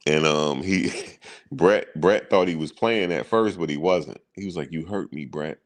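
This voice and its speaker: A man's voice: low voice, a little slow. A man hosting a sports channel, chatting casually in loose, slangy banter and chuckling at his own stories.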